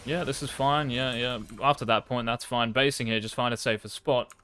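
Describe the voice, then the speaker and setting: Young man, game coach, blunt and sweary, casual slang, mid-pitched voice. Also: steady tone, moderate pace, pushed and bright. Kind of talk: blunt gameplay coaching over a replay.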